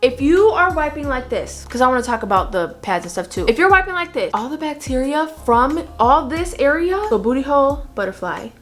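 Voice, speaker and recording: A woman's voice: high-pitched, very animated, fairly quick, hardly any pauses, a bit bright. A young adult woman giving blunt, emphatic advice in a casual vlog, scolding her viewers and stressing her points. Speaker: vlogger. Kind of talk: casual advice talk to camera.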